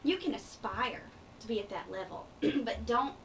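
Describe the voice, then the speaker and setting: A young adult woman with a fairly high voice, lively intonation and a light Eastern Kentucky accent appears as a pageant titleholder guest on a radio interview. She's earnest and upbeat, quick to laugh. A distant mic picks up faint background noise.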